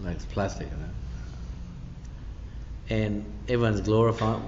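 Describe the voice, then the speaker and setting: A man's voice: lowish voice, unhurried, long pauses, a little mellow, a little hiss or hum. A man pastor giving a midweek church teaching in a conversational, emphatic way, full of asides. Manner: conversational and emphatic, peppered with "you know". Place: church hall. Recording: dull echoey church recording.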